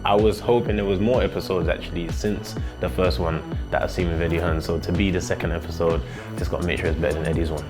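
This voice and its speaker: A man's voice: sits low, steady tone, quick pace, few pauses, over music. A man answering interview questions in a blunt, confident way. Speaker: guest boxer.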